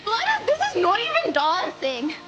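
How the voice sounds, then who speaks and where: Woman streamer, very high voice, chatty, playfully bossy, faint game music behind. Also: big pitch swings, pushed and bright, highs cut off. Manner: chatty and playfully bossy, rapid asides to chat. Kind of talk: casual chat to a live stream audience.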